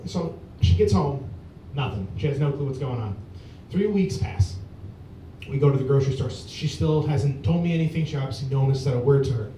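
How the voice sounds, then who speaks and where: A stand-up comedian at an open mic in a small bar tells a long, rambling story packed with fillers. His dark-toned voice moves fairly quickly. It's captured from a distance in the echoey bar, with a faint rumble underneath.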